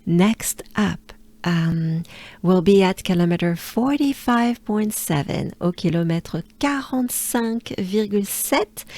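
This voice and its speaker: A woman's voice: medium pitch, mellow. A woman from France with a French accent, giving a patient pronunciation lesson and repeating each sound several times. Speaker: pronunciation coach.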